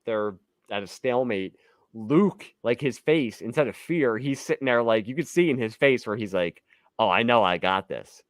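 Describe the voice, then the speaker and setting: A man's voice: medium pitch, expressive, normal speed, no room sound, clean studio sound. A man in his forties co-hosting a podcast, talking casually and laughing often. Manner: easygoing, laughs often, trails off. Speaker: podcast co-host. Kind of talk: casual chat.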